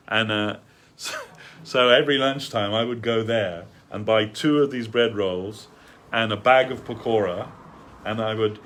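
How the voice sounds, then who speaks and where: A man's voice: mid-range voice, a bit bright, slight background noise. A man telling a rambling, chatty anecdote during a devotional talk in a temple hall, laughing at his own story. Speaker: speaker giving a devotional talk.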